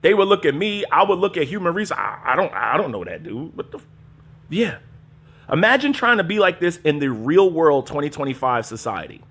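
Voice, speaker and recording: A man hosts his show and reacts to clips in casual commentary. He questions them in disbelief, mocks them and swears often. His voice sits a little on the high side. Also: very animated, a little fast, fairly bright tone, breathy edge. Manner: incredulous, mocking, profane.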